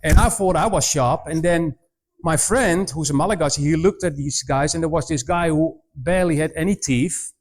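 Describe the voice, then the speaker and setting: A man's voice: a little high, moderate pace. A middle-aged man from the Netherlands with a Dutch accent, giving a humorous presentation to students as a missionary, telling anecdotes with frequent restarts. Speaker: missionary speaker.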